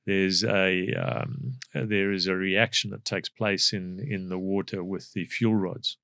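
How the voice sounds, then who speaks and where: Man, South African accent, low voice, gravelly, dry close sound, measured podcast guest. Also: fairly even intonation, a bit bright, no echo. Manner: measured, explanatory, with frequent fillers. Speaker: guest, energy expert. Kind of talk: podcast interview.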